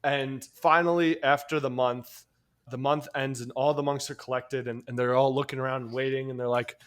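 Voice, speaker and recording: A man's voice: medium pitch, steady tone, fairly quick, clear, resonant tone. A man from New York with a New York accent, co-hosting a casual podcast chat and telling a long story in a rambling way, with casual swearing and frequent laughs. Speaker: podcast co-host.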